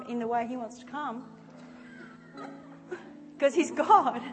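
A woman preaching an animated sermon that swings from shouting to soft, quiet speech. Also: high voice, long reverb tail. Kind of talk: lively sermon with acted-out prayers.

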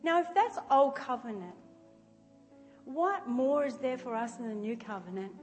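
A woman preaching an animated sermon that swings from shouting to soft, quiet speech. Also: on the high side, normal speed, big-room sound, soft background music. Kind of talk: lively sermon with acted-out prayers.

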